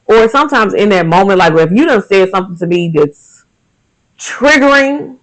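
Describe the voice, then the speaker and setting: A man in his thirties with a high voice hosts a podcast, delivering a casual monologue about faith and everyday life. He sounds candid, frank, emphatic and animated. The recording quality is low.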